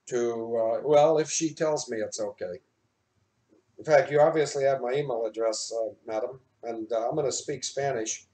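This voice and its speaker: Rambling, heartfelt man hosting from an office. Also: mid-range voice. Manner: rambling and heartfelt, spelling out names. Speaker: online show host. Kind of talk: rambling live-stream chat.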